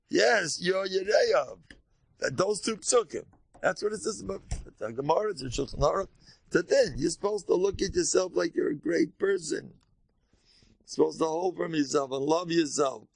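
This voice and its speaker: An older man, a rabbi, giving an informal Torah lecture in American Orthodox Jewish English, emphatic and animated, jumping between high exclamations and low asides. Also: gravelly, dry recording.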